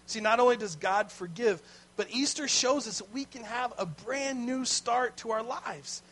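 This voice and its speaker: Man, pastor, sermon, high-pitched, conversational storytelling. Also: moderate pace, a bit bright, poor audio.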